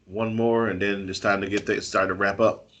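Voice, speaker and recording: Man, podcast co-host, casual chat, bright tone, playful, laughs while arguing. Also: on the low side, flat delivery, moderate pace.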